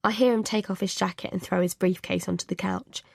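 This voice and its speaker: A woman's voice: medium pitch, fairly even intonation, a little fast, creaky, a little mellow, no echo. Female audiobook narrator, first-person, tense confessional read, dry sound. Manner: anxious, confessional inner voice.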